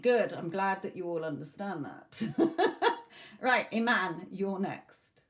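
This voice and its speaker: Blunt, animated woman tarot reader. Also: mid-range voice, slow pace. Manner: animated, acts out clients' panicked voices; blunt, swears casually. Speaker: tarot reader hosting a live stream. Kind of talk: live-stream chat with viewers.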